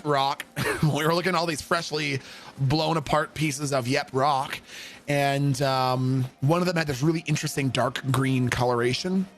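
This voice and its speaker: A man streaming a game, telling stories in a casual, profane way and often breaking into laughter. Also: medium pitch. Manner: profane, laughing, swings into loud shouted impressions. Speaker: livestreamer. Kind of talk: casual storytelling while gaming.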